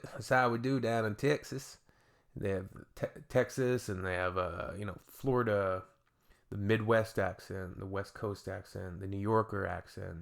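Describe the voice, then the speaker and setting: A man with a somewhat low-pitched voice talks through a reaction video in an easygoing, offhand way. He has a dry, sarcastic edge and sounds relaxed and conversational. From Canada. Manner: sarcastic, laid-back. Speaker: reaction channel host. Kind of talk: casual reaction commentary.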